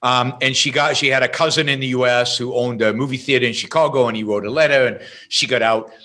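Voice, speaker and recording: A man as an interview guest, telling an anecdote in a lively way and often restarting his sentences. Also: mid-range voice, fast. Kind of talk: explaining and storytelling in conversation.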